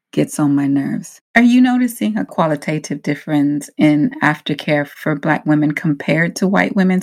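A woman's voice: deep voice, darkish tone. A woman host asking probing questions in an interview, speaking in a direct, outspoken way. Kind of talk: interview conversation.

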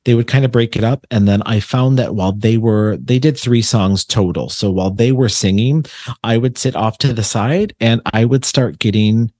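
A man's voice: fairly low pitch, moderate pace, darkish tone, no echo. A man from Buffalo, New York, a medium who is a guest on a podcast. He tells long, rambling stories in casual chat, full of fillers and restarts.

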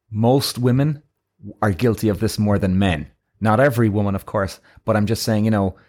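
A man's voice: mid-range voice, darkish tone. A man hosting a motivational talk, blunt and profane, who keeps asking "right?" and acts out the voices of the people he quotes. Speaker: podcast host.

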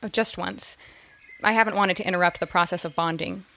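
A woman's voice: fairly low pitch, steady tone, brisk, gravelly, pushed and bright. A nervous, chatty young mother. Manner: chatty, nervous with small laughs. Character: eager young mother, psychology graduate.

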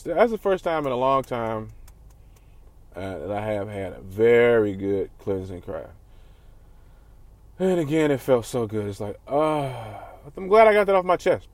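Man, candid vlog, rambling, profane, frequent restarts, mid-pitched voice. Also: darkish tone, no room sound. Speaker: vlogger.

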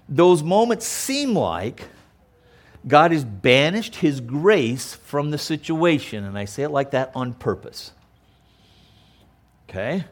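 A man preaching a sermon, with a voice that sits a little high for a man. His pitch moves a lot as he leans into his points. He talks plainly to the congregation and keeps checking that they are following. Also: a bit bright. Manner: emphatic, conversational preaching with frequent "okay?" check-ins. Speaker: pastor.

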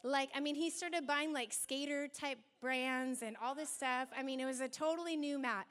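A young adult woman preaching a sermon in an animated way, acting out quoted voices as she goes. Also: sits high, normal speed.

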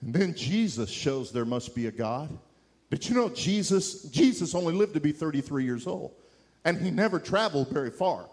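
Middle-aged male evangelist, high voice, impassioned sermon delivery with emphatic climaxes. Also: lively intonation, moderate pace, darkish tone. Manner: impassioned, rising to emphatic peaks. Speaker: preacher.

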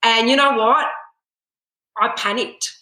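Guest: woman singer, dramatic storyteller, bright voice, roomy echo. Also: fairly high pitch, slow. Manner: animated storyteller, acts out her own panic in quotes. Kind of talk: podcast interview. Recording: echoey room.

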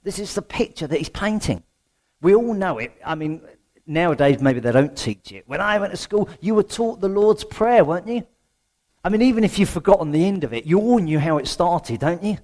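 A man's voice: sits high, animated, a little fast, a little mellow. Chatty man preaching a sermon. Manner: conversational, asks the congregation questions.

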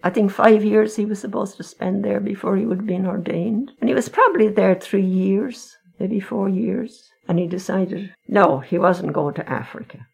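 Older irish woman with gravelly voice. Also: mid-range voice, moderate pace, hardly any pauses, a little mellow. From Ireland. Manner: frank, wry, conversational. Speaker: interviewee. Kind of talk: reminiscing storytelling.

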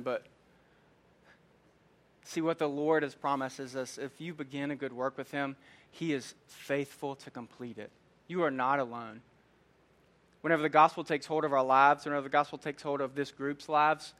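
High-voiced young man preaching casually. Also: a bit bright. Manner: casual, conversational preaching with storytelling; frequent filler "man" and "like". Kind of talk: sermon.

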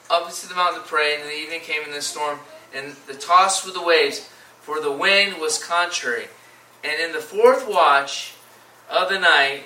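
A man giving an informal Bible teaching, reading scripture aloud and then retelling it in casual, animated paraphrase. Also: on the high side, slight background noise. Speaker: preacher. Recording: echoey room, voice from a distance.

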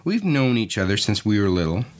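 A man's voice: on the low side, big pitch swings, a little fast. A man voicing a friendly male farm chicken in a podcast story, talking eagerly and persuasively.

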